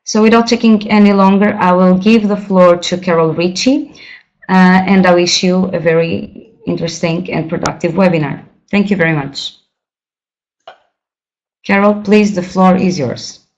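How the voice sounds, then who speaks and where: Lowish woman moderator on dull web audio. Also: fairly even intonation, moderate pace, a little mellow. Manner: polite, hesitant with fillers. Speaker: webinar moderator. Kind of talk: webinar introduction.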